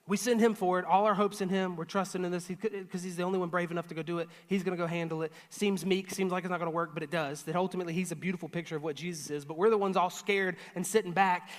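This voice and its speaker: A male pastor preaching a sermon, swinging between loud emphatic lines and hushed, earnest asides. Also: high voice. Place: church auditorium. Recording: long hall reverb.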